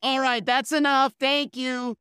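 A man's voice: very high-pitched, steady tone, measured pace, bright, forceful tone, clear, resonant tone, dry recording, studio quality, pitched above the performer's own voice, heavily acted. A man voicing a tall woman bingo host at a bar, in a raised, mocking impression. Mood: teasing.

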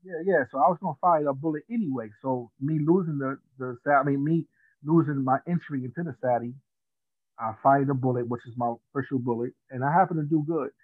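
A man's voice: mid-range voice, a little fast, dry recording. A man telling a funny story in casual slang, laughing at his own tale. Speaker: podcast guest. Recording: dry tinny phone-like sound.

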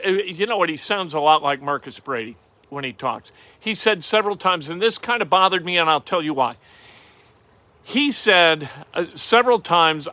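A man's voice: on the high side, bright, forceful tone, no room sound. A middle-aged man hosting a sports talk show, talking casually and rambling wryly through football news with jokey asides. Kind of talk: casual sports commentary monologue.

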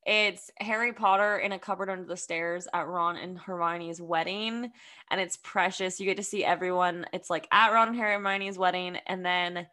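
A young woman co-hosting a podcast, chatty and quick to laugh, with lots of fillers. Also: lowish voice, steady tone, sharp tone. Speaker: podcast co-host. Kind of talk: casual chat.

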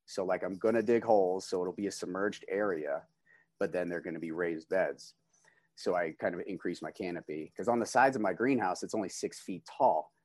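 A man's voice: low-pitched, a little fast, a little mellow, no room sound. A man talking casually about his greenhouse grow, laid-back and slangy, with many restarts. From California. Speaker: greenhouse grower. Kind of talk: casual podcast chat.

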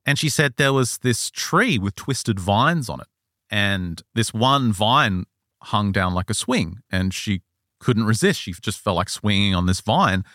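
Deep-voiced male podcast host, dry sound. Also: unhurried, no echo. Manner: animated storyteller, acts out quoted lines. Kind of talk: casual chat, retelling an eyewitness account.

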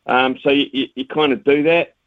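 A man's voice: medium pitch, fairly even intonation, normal speed, no echo. A man, a cricket commentator chatting as a radio guest, stammering and repeating his words. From New Zealand. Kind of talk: casual radio phone interview. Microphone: phone. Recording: tinny phone line, dry.

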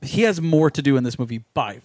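A man's voice: medium pitch, lively intonation, quick pace, a little mellow, no room sound. A young man co-hosting a podcast, talking about movies emphatically and swearing a lot. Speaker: podcast co-host. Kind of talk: casual movie chat.

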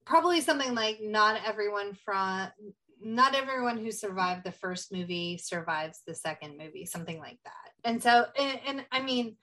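A woman's voice: mid-range voice, normal speed. Chatty woman recapping a movie. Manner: animated retelling with quoted voices. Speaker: podcast co-host. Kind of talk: casual movie recap chat.

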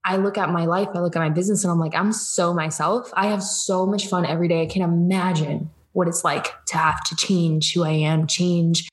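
Animated and quick to laugh, this twenty-something Georgia business coach talks fairly fast with few pauses in a lowish voice. As a podcast guest in a casual interview, she quotes herself in lively, acted-out voices.

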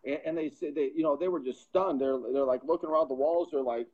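A man's voice: on the high side, fast, a little hiss or hum. Earnest man telling his story, lo-fi. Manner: earnest, repeats words as he builds momentum. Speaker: podcast guest, pro football scout. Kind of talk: personal testimony storytelling. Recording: dull lo-fi sound.

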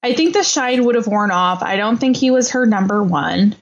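A woman's voice: fairly high pitch, expressive, moderate pace, lo-fi sound. A woman co-hosting a podcast, chatting casually and enthusiastically about reality TV and her hobbies. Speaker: podcast co-host. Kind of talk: casual chat.

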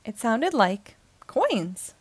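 A woman reading a children's picture book aloud in a gentle, measured storytelling manner, close to the mic. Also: a little high, big pitch swings, breathy edge, no room sound.

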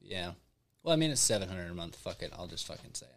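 A man's voice: low voice, sing-song, fast, creaky. A young man from Arkansas with a Southern accent, chatting casually and profanely as a podcast co-host. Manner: profane, laid-back, says bro a lot. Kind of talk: casual chat.

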